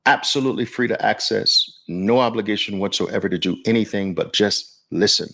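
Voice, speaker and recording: A man's voice: lowish voice, a little fast, fairly bright tone. A man hosting a podcast in casual livestream talk, chatting loosely and speaking straight to his viewers. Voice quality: gravelly. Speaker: podcast host.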